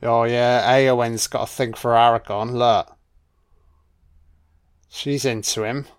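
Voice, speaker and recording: A man riffs casually over a film, laid-back and liberal with his swearing. He talks slowly in a clear, smooth voice of middling pitch. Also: steady tone. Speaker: film commentator. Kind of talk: casual audio commentary.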